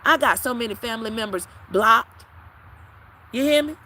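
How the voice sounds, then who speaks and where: A woman's voice: a little high, moderate pace, a little hiss or hum, rough recording. A woman tarot reader talking bluntly and profanely to her followers in a live-stream chat. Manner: brash, profane, preachy, with sudden loud peaks.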